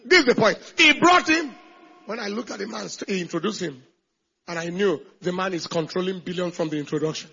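A male pastor preaches emphatically, swinging between shouted lines and quiet asides. His voice is very high and strongly raspy, with a tense, forceful edge. The recording sounds dull and lo-fi. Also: fairly quick. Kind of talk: sermon.

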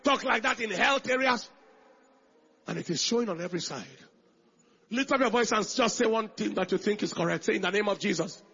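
A man preaches in a high, bright voice with a heavy rasp and a gravelly edge. He repeats phrases, drops to near whispers, then shouts out declarations. The sermon recording sounds dull and lo-fi. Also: a little fast. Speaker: pastor.

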